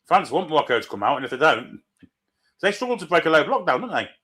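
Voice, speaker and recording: A man's voice: a little high, big pitch swings, fast talker, pushed and bright. A man co-hosting a live football watchalong, bantering wryly and asking rhetorical questions. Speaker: watchalong co-host. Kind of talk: live match watchalong chat.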